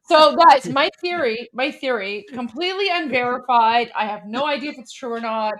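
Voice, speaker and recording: High-voiced, animated female host. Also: normal speed. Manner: animated, exclamatory. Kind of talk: casual commentary chat.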